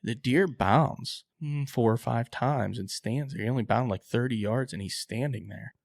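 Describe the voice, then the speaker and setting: Guy with a low raspy fry voice, super animated hunting story, dry close mic. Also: normal speed, dry recording. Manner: animated, swears casually, acts out his own quotes. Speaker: podcast co-host telling a hunting story. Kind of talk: excited casual storytelling.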